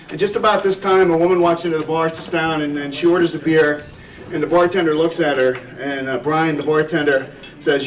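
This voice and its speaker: A man's voice: fairly high pitch, fairly even intonation, a little fast. A man, a state representative, giving a short, self-deprecating speech and telling a joke at a senior center party. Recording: echoey hall from far off.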